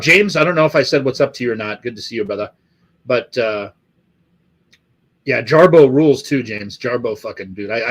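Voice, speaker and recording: A man's voice: mid-range voice, fairly bright tone. A middle-aged man from the Los Angeles area hosting a live stream, chatting casually with viewers in a rambling, profane way full of fillers.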